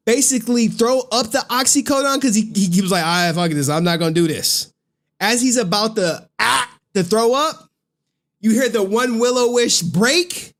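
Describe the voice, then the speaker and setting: A male streamer talking casually, swearing freely and slipping into voices to act out scenes. His delivery is lively and loose, like chatting with viewers. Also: high voice. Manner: animated, profane slang, acts out scenes with voices. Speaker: streamer recapping a horror movie.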